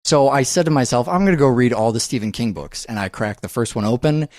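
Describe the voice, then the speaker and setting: A man at a mid pitch co-hosts a movie podcast from a dry studio, with little room sound on his voice. He talks fast and gets excited, swears freely, and runs himself out of breath. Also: dry recording. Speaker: podcast co-host. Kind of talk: casual film chat.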